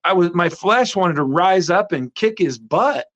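A man's voice: high voice, unhurried. Earnest man sharing a faith testimony. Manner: earnest, animated storytelling with many restarts. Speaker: interview guest.

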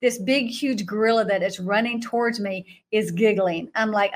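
A middle-aged woman telling a story in an animated way, laughing often and jumping to a high voice when she acts out reactions. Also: normal speed, few pauses. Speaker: guest recounting a vision.

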